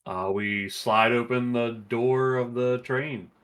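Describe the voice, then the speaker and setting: A man's voice: mid-range voice, fairly even intonation, slow pace, a bit bright, clear, resonant tone. A man playing a tabletop role-playing game, talking casually and eagerly about his character's actions. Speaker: player.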